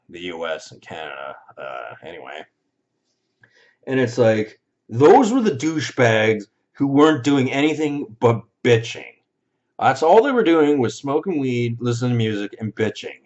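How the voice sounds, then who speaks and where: A man with a fairly low voice delivers a heated, foul-mouthed opinion rant. He swings from muttered asides to sudden loud outbursts and slips into mocking voices to quote the people he scorns. The recording sounds dull and lo-fi. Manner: mocking put-on voices when quoting others. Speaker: vlogger. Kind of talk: ranting opinion monologue.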